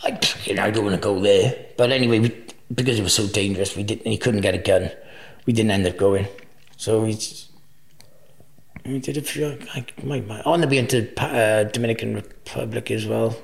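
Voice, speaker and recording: A man's voice: on the low side, fairly quick, gravelly. A man as an interview guest, telling crude travel anecdotes with frequent laughter. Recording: echoey room.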